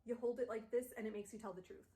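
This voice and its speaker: A woman's voice: on the high side, steady tone, quick pace, dark tone. A young woman streamer chatting through a casual book recap, with lots of fillers. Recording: echoey room.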